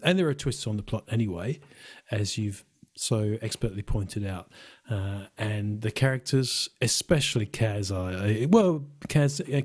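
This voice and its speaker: Chatty guy cohosting a book podcast, laughs a lot. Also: on the low side. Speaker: podcast co-host. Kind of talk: casual chat.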